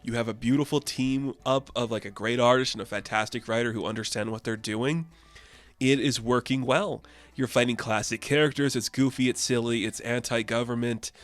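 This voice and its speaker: A man's voice: medium pitch, steady tone, moderate pace. A man casually reviewing a comic book issue with enthusiastic, chatty recaps.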